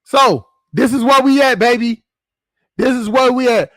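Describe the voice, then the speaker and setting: High-voiced rambling vlogger man. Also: a little slow, a bit bright, dry recording. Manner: rambling, profane, restarts and repeats phrases. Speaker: channel host. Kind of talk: casual vlog monologue.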